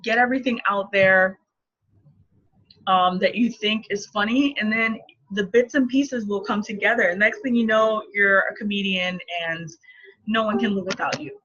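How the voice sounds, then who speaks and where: This is a woman in her thirties, a marketing coach whose teaching is relaxed and playful, with frequent laughter. She speaks at a normal speed in a medium pitch with a fairly bright tone, captured on a dull, lo-fi recording.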